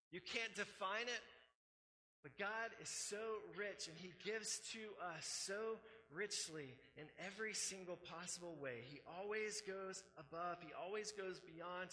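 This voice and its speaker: A man delivers a sermon as pastor, his high-pitched voice strikingly bright and sharp. He drives his points with emphatic repetition and slips into relaxed, conversational asides. The sound carries the long reverb of a large church hall. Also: slight background noise.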